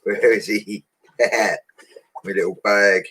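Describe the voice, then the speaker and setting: A young man from England chats from home into a phone or webcam, answering viewers' comments. His voice sits a little low, and his talk is relaxed and slangy, often broken by laughs. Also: slow pace, noisy background. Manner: laid-back, chatty, laughs often, slangy. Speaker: bricklayer livestream host. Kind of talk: casual livestream chat reading comments. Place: home, indoors.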